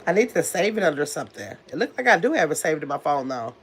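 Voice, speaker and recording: A woman's voice: deep voice, very animated, fast talker, breathy edge. A woman hosting a casual livestream, reading viewer comments aloud and talking to her audience as "y'all" while sorting out a phone number, a little under the weather. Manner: chatty, distracted, talks to the chat as "y'all". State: recovering from illness. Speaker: livestream host.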